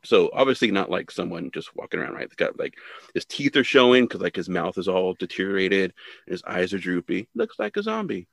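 A man's voice: low voice, a little fast, creaky, dry recording. A man in casual chat, retelling a film's scenes and acting out the characters' lines. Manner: animated retelling, acts out characters' lines in raised voices. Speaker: podcast co-host. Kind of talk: casual chat recapping a film.

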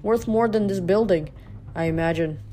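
A woman reading aloud, voicing a weary, brooding male god of the dead who speaks slowly and sighs. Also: medium pitch, mellow, lightly acted. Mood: melancholy. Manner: slow, sorrowful, sighing.

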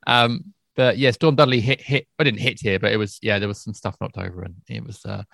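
A man co-hosting a podcast in relaxed, rambling casual chat. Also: lowish voice, a little fast, gravelly, dry recording, studio quality. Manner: relaxed, rambling, with soft laughs. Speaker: podcast co-host.

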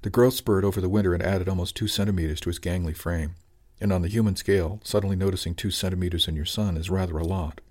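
A man narrating an audiobook chapter in a calm, even storytelling manner. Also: low-pitched, fast, hardly any pauses.

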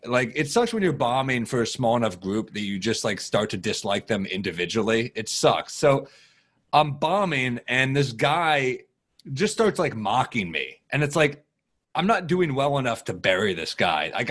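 A man telling profane, animated stories as a guest comedian in casual podcast chat. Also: medium pitch. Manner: animated, profane, fast-shifting storyteller.

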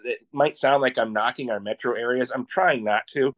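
Animated man telling travel stories. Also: mid-range voice, a little fast. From Iowa, USA. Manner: animated, excitable storyteller who laughs often. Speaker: podcast guest, Iowa travel show creator. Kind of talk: casual interview storytelling.

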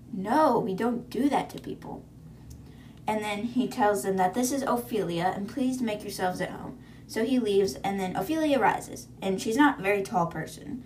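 A woman's voice: mid-range voice, normal speed, darkish tone, slight background noise. Young woman podcaster retelling a book, super casual, lots of likes and reactions. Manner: chatty, lots of fillers, reacts to the story. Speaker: podcast host.

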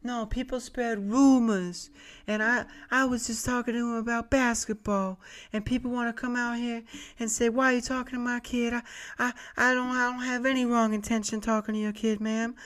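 A man doing a breathy, high pop-star voice. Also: little pitch movement, normal speed, a bit bright. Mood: pleading.

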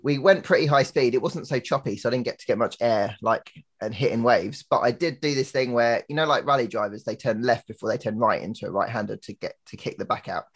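A young man co-hosting a podcast, telling a story in an animated way and laughing often, over a laptop mic. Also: medium pitch, quick pace, few pauses, husky. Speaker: podcast co-host. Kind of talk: casual chat. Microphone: laptop webcam and mic.

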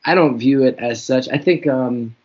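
A man talks frankly and reflectively as an interview guest, often poking fun at himself. His voice is breathy and husky. The recording sounds muffled and lo-fi. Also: medium pitch, normal speed, a little mellow. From New Jersey. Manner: reflective, self-deprecating, frank. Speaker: guest comedian. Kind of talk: candid interview storytelling. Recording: dull lo-fi recording.

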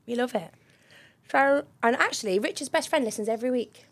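A woman's voice: on the high side, a little fast. A young woman co-hosting a podcast in casual chat, giggly and reading out listener messages. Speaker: podcast co-host.

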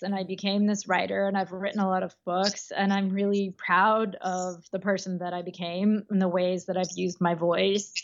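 Woman guest, reflective and halting, mid pitch, slightly dull lo-fi recording. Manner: thoughtful, halting, many fillers and restarts. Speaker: guest author. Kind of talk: casual podcast conversation.

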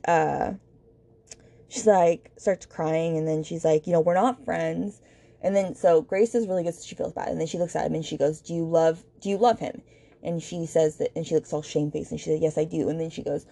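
A woman's voice: deep voice, gravelly, warm tone. A woman hosting a book podcast, recapping a novel's plot in a chatty, blunt way and quoting the characters' lines. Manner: chatty, blunt, retelling scenes with quoted dialogue.

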